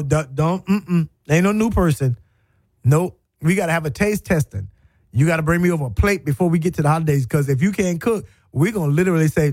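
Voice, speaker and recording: A middle-aged man hosts a radio talk show from a studio, telling stories in an emphatic, folksy way and repeating his points for effect. His voice sits a bit high for a man. The sound is close and dry. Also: a little mellow, no room sound. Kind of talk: storytelling monologue.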